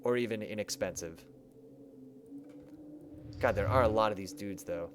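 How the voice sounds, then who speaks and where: A young man streams a game and chats casually through a desk microphone, thinking out loud and teasing himself over his choices. His voice is on the low side at a moderate pace, with slight background noise.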